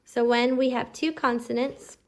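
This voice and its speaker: A woman homeschooling her child, explaining a phonics lesson and slowly drawing out letter sounds. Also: on the high side, steady tone, darkish tone. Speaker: homeschooling parent teaching phonics. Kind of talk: instructional explanation to camera.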